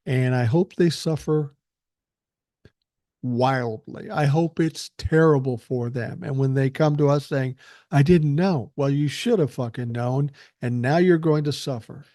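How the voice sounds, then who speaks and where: A man's voice: mid-range voice, a little slow, warm tone, no room sound. An older man hosting a podcast, delivering a blunt, profane and angry political monologue into a close mic. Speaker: podcast host.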